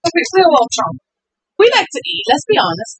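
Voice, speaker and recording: A woman co-hosting a casual podcast, playful and teasing, laughing often as she reads out listener shout-outs. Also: very high voice, big pitch swings, quick pace, a crowd in the background, poor audio. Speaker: podcast co-host.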